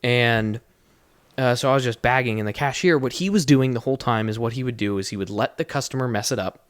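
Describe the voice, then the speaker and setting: A man's voice: medium pitch, a little fast, no echo. A young man co-hosting a podcast, telling a work story in casual chat with lots of swearing and rambling restarts. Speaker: podcast co-host.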